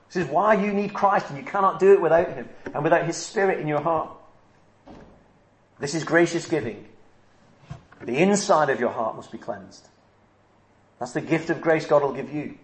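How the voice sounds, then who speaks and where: Brief: emphatic male preacher, slightly high voice, roomy echo. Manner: earnest, emphatic, repeats key phrases. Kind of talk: sermon. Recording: echoey room.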